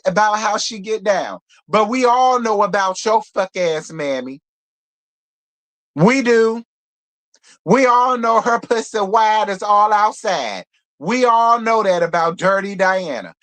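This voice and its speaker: Speaking slowly in a mid-range, animated voice with a fairly bright edge, the reality TV reviewer gives a profane, blunt live recap. She hammers points home by repeating them and talks straight to viewers, using "girl" and "y'all."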